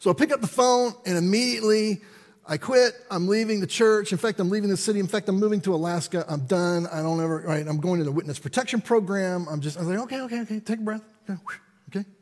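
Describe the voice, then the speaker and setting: Man, pastor, storytelling sermon, husky voice, long reverb of a church hall. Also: high voice, quick pace. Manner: animated, conversational, acts out dialogue.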